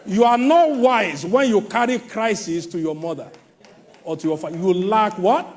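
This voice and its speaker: A male pastor delivering an emphatic sermon, swinging between shouted warnings and hushed asides. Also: sits high, moderate pace.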